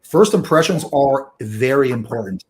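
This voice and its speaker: A man hosting a podcast in casual chat, talking in a measured way and steering the topic. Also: mid-range voice, expressive, a little mellow. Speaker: podcast host.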